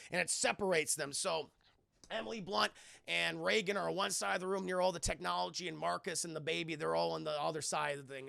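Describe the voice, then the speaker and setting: A man streaming a profane, excitable spoiler recap of a film to his chat, acting out scenes with shouts and sound effects. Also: high-pitched, creaky, no echo.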